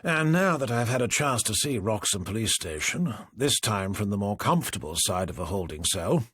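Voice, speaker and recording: A man's voice: lowish voice, sing-song, normal speed, a bit bright, husky, dry recording, studio quality, full character voice. A man voicing a smug, smirking politician who is a villain, speaking with false politeness in an audiobook reading.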